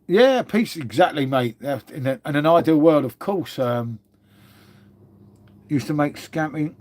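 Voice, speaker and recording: A man's voice: a little high, expressive, measured pace, darkish tone. A middle-aged English man with an English accent hosting a casual livestream, chatting with viewers in a matey way. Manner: chatty, matey, says "mate" a lot. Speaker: livestream host. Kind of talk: casual live chat reading viewer comments.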